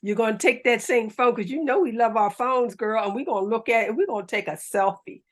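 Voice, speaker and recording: A woman's voice: fairly high pitch, brisk. A middle-aged woman leading a laughter yoga class, coaxing and upbeat, breaking into hearty laughter. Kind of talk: guided exercise class.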